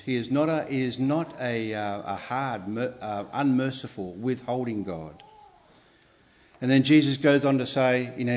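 A man preaching a sermon in an earnest, measured way, pausing and restarting, with emphatic rises on key words. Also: medium pitch.

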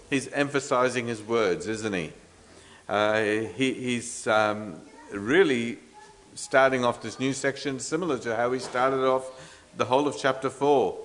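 A man's voice: mid-range voice, a little slow, a bit bright. A man preaching an expository sermon, earnest and emphatic, with frequent fillers and restarts, asking the congregation rhetorical questions.

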